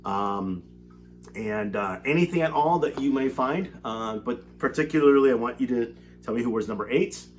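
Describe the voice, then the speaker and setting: A man's voice: medium pitch, normal speed, slight background noise. A male teacher reading a novel aloud to his class from home, then chatting casually about homework. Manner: animated reading, relaxed chatty asides with fillers.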